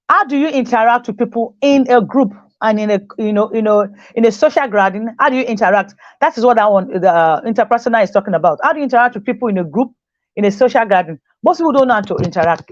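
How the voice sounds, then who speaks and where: A woman's voice: fairly high pitch, lively intonation, fast, no room sound. A woman, a teacher, giving a motivational talk to a group about communication skills, repeating her key points for emphasis and acting out the voices of people she quotes. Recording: dull, dry lo-fi recording.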